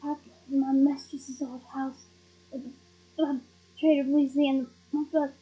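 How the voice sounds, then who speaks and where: A woman voicing a bitter old male house elf who croaks and mutters, in a storybook reading. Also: sits high, takes it slowly, dark tone, poor audio. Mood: sullen muttering.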